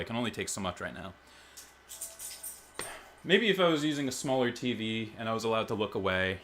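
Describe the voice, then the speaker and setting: A man's voice: mid-range voice, a bit bright, slight background noise. A young man giving nervous, rambling commentary as he plays a horror game at home. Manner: nervous, rambling, talks to himself. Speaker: gaming YouTuber. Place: home, in front of a big TV.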